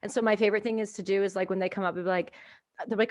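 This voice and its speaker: A woman from Canada hosting a podcast, telling stories in an animated way and acting out what people said. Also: medium pitch, rapid-fire. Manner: animated storyteller, acts out quotes, swings loud. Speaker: podcast host. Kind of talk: casual podcast chat.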